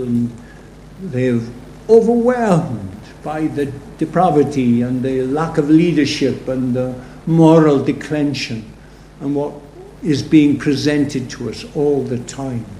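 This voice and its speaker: A man's voice: mid-range voice, warm tone. A man preaching a sermon in a conversational, storytelling way, full of rhetorical asides. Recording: roomy echo, faint background noise.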